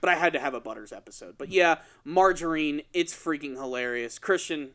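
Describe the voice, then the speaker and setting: A man co-hosting a casual podcast, retelling a story with lively energy and putting on quick voices for the characters. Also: fairly high pitch. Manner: animated storytelling, acts out quoted lines in exaggerated voices. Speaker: podcast co-host.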